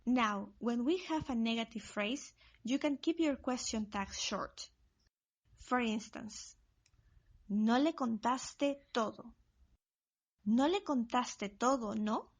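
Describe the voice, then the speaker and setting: A woman narrating a scripted Spanish lesson, reading example sentences slowly and carefully. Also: fairly high pitch. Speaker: Spanish teacher.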